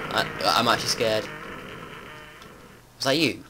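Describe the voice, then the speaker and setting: A man giving casual let's-play commentary, chatty and prone to swearing and panicked yelling. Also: fairly low pitch, measured pace, pauses often. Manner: chatty, swears a lot, panics and yells when startled. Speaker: gameplay commentator. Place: home room with window open. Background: faint outdoor noise and keyboard typing.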